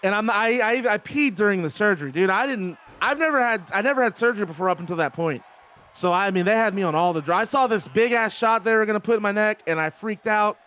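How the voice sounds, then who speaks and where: Excitable, chatty young-sounding man. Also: high-pitched, fast. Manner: chatty, rambling and excitable, swears. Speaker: host and commentator. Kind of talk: casual commentary on a video game match.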